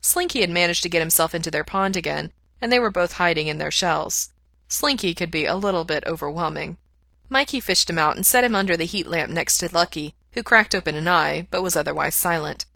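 Woman storyteller, lowish pitch, bright tone, dry close recording. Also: fairly quick, vocal fry, no room sound. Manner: steady, even storytelling narration. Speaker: audiobook reader. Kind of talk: fan fiction read aloud.

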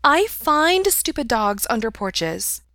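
A woman's voice: a little high, big pitch swings, slow pace, bright, forceful tone, no echo, studio quality, pitched above the performer's own voice, full character voice. A woman doing a curt, aloof house cat. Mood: dismissive. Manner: curt, clipped speech.

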